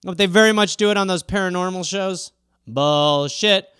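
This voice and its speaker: A man hosting a comedy podcast, riffing casually in an animated way, swearing and slipping into quick voices. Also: high-pitched, clear, resonant tone, dry recording, studio quality.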